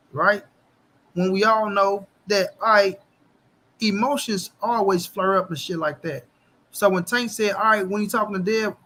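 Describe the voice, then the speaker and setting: A man with a high, bright voice holds forth on boxing in a casual chat. He is animated and curses heavily, tossing in "bro" all the time. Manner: animated, heavy cursing, repeats "bro". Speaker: host.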